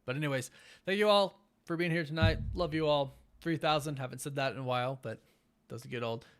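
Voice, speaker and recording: Male streamer, young adult, sleepy, rambling, halting fillers, enthusiastic sign-off chat. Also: on the high side, clean tone. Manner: enthusiastic, warmly thanks viewers. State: tired, yawning late at night. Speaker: host of a live watch party stream. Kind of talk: casual live-stream chat.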